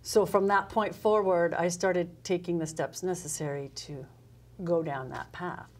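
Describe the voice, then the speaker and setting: A woman's voice: lowish voice, steady tone, measured pace, a little mellow, slight background noise. A middle-aged woman, a guest speaker in a casual interview, telling her story with animation and acting out her own past dialogue. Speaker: guest, customer service speaker.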